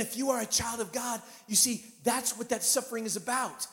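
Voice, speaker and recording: A man in his fifties delivers a sermon as a guest pastor, switching between casual storytelling and loud, shouted preaching. His voice sits high for a man. The sound carries a long reverb, like a church sanctuary. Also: a little fast, hardly any pauses, soft background music.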